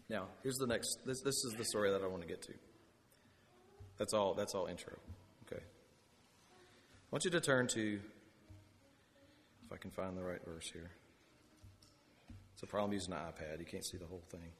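A man's voice: fairly low pitch, moderate pace, pauses often, a little hiss or hum. A man preaching a sermon in a conversational storytelling way, with chatty asides. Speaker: pastor. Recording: long hall reverb.

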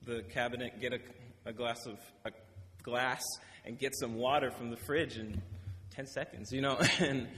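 Reading scripture before drifting into stories, a young man preaches an informal sermon in a fairly bright, medium-pitched voice. He's casual and rambling, frequently corrects himself, and laughs between points, all captured with the long reverb of a hall.

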